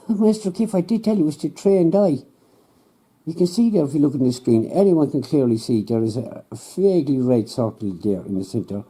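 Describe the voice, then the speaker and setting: A man's voice: on the high side, lively intonation, moderate pace, dark tone, slightly rough, pitched above the performer's own voice. A man playing a smug, patronizing male scientist who keeps dodging questions, in a comedy sketch. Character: smug, evasive male scientist showing planet images. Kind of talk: comedy sketch, improvised two-hander.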